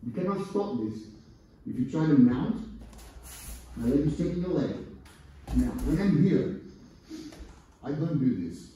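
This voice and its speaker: A man leads a hands-on jiu-jitsu seminar, coaching a partner through a position with short direct commands. His voice sits a little high with a mellow tone. He is picked up from across a big, echoing gym with some noise underneath. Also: very animated, measured pace, long pauses. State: strained, pressed under a partner's weight at times. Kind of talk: hands-on teaching while demonstrating on the mat. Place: large indoor training gym. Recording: echoey gym, mic far off, some noise.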